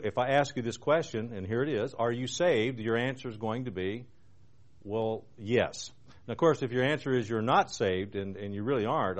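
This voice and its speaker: Earnest man preaching on TV. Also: mid-range voice. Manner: earnest, reads scripture with slow emphasis, asks rhetorical questions. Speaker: TV program host and preacher. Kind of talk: televised Bible teaching.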